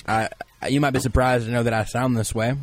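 A man's voice: mid-range voice, level tone, fairly quick, slight background noise, close to an everyday voice. A male radio host playing a pompous, boastful guest who calls himself a draft expert, talking in rambling, self-important bursts on a studio mic. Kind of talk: comedic radio bit as a fake draft expert.

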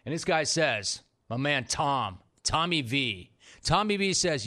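A man's voice: on the high side, lively intonation, normal speed, pushed and bright. A man in his forties hosting a sports talk show, telling stories brashly and acting out his friends' voices. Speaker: radio sports talk host. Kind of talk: animated sports talk monologue.

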